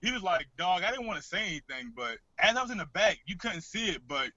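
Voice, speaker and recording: A man co-hosting a podcast, telling a story in casual chat, cursing freely and animated. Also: high-pitched, fast talker, dry recording. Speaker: podcast co-host. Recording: dull lo-fi podcast recording.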